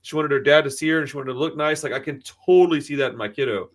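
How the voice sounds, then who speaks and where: Talking very fast in a slightly high voice over a loud crowd, this man in his thirties co-hosts a podcast. His casual chat is full of swearing, and he acts out the people in his stories.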